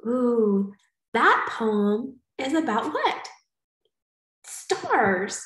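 A woman teacher giving a recorded poetry lesson to young students, cheerful and slow, clapping out syllables and sometimes whispering. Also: on the high side, expressive, echoey room, rough recording. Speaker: elementary school teacher.

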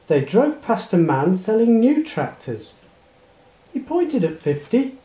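Male read-aloud narrator, unhurried and lilting, echoey room. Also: sits high, highs cut off. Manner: expressive read-aloud storytelling. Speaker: storybook reader. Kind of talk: reading a children's picture book aloud. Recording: roomy echo.

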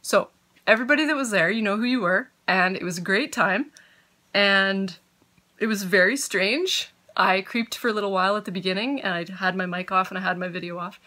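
A woman's voice: mid-range voice, a little fast, bright, forceful tone. A woman hosting a podcast from home, chatting casually and giggling as she gets sidetracked. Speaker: podcast host. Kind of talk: casual chat.

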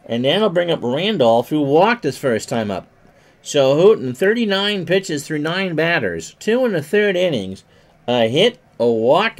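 A man doing solo play-by-play for a simulated baseball game. He sounds stuffy from sneezing, gets loud on big hits and drops low for side remarks. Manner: rises loudly on hits, drops low for asides.

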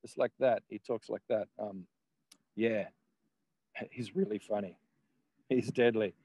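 A man's voice: lowish voice, steady tone, a little slow, mellow, no room sound, low-quality recording. A man, a guest in casual conversation, rambling with laughs and the odd swear word.

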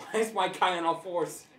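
A man's voice: sits high, unhurried, fairly bright tone. A young man playing a football video game, teasing his opponent and laughing constantly. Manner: giggly, teasing, laughs a lot. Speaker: gamer co-host. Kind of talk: casual gameplay banter. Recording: echoey room.

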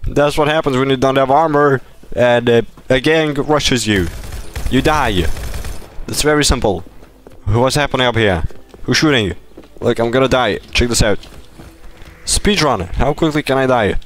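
A man's voice: mid-range voice, normal speed, pauses often. A man streaming live gameplay, talking playfully and boastfully to his chat and teammates. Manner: playful, boastful, bursts into laughs and shouts.

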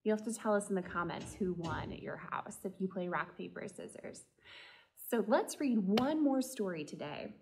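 A woman, a children's librarian, reading a picture book aloud and asking the children gentle questions. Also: medium pitch, expressive, moderate pace, slight background noise. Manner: gentle, talks directly to children. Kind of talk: storytime read-aloud.

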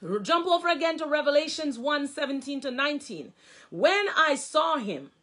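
High, bright-voiced woman minister preaching. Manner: fervent, breaks into exclamations of praise; repeats phrases for emphasis. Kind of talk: sermon, reading and explaining scripture.

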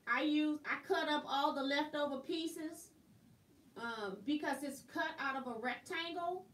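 A woman hosting a casual live quilting tutorial, chatty and quick to laugh. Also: sits high, fairly bright tone. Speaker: quilting instructor and host. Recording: roomy, distant mic, faint noise.

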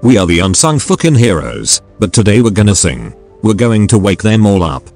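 A man's voice: fairly low pitch, sing-song, normal speed, darkish tone, faint music behind. A synthetic male text-to-speech voice reading the lines of a drunk, masked male gang leader with a sneering, profane manner. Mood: preachy.

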